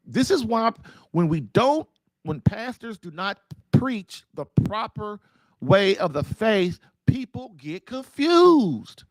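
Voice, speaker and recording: A man's voice: high voice, slow pace, dry recording, clean studio sound. A man hosting a podcast, talking earnestly in a loose, preaching-style manner and addressing listeners directly. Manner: animated, earnest, conversational with "man" and "you know". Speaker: podcast host. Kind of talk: preaching-style casual talk.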